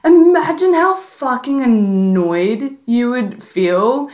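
A woman's voice: on the high side, lively intonation, takes it slowly, darkish tone. A young woman hosting a casual advice podcast, talking bluntly and playfully, with plenty of swearing and sass. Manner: blunt, sassy, profane, playful. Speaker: podcast host.

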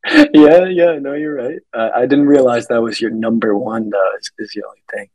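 A man's voice: mid-range voice, fairly even intonation, normal speed, a crowd in the background, poor audio. A man co-hosting a podcast, chatting casually in a laid-back, rambling way. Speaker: podcast co-host. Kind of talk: casual chat.

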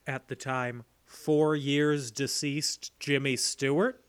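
A man's voice: medium pitch, steady tone, takes it slowly, clear, resonant tone. A man hosting a podcast, chatting casually and joking playfully. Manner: playful, jokey, laughs often. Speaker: podcast host.

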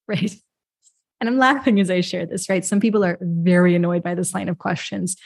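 A woman's voice: on the low side, steady tone, moderate pace, vocal fry, darkish tone, no echo. Reflective woman podcast host, dry sound. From New York. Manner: reflective, conversational, laughs often, says "right?". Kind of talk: solo podcast monologue.

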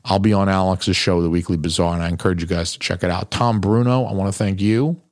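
A podcast host with a somewhat low male voice talks straight into a close mic. The sound is dry, with no room around it. He rambles bluntly and swears constantly. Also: steady tone, fast, dry recording. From New Hampshire. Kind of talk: profane casual monologue.

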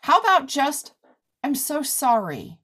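A woman's voice: sits high, big pitch swings, slow, sharp tone. A middle-aged woman hosting a podcast, reading an ad and then chatting with a guest in a loose, rambling way full of asides. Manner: chatty, many fillers and asides. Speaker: podcast host. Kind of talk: casual interview chat and ad read.

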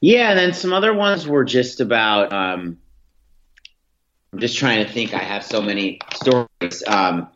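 This guest's fairly low voice is expressive and fairly bright, and he takes his time as he shares earnest stories in a podcast interview. In his thirties, he restarts often, and the recording has a dull, lo-fi quality.

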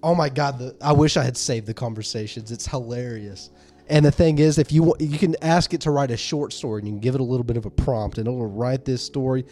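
A man co-hosting a casual podcast chat, an animated storyteller who laughs often. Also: medium pitch, fast talker, soft background music. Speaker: podcast co-host.

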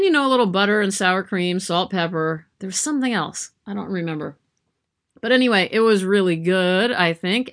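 Talking to camera from her home yarn room, a vlogger rambles casually, pokes fun at herself and uses lots of fillers. Her voice is mid-range and a bit bright.

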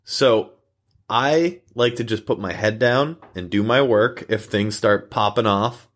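A young man co-hosting a casual podcast, spinning long rambling anecdotes with plenty of fillers. His voice sits low in pitch, and he keeps slipping into quick acted quotes of the people he talks about. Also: fairly bright tone. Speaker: podcast co-host. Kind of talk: casual storytelling chat.

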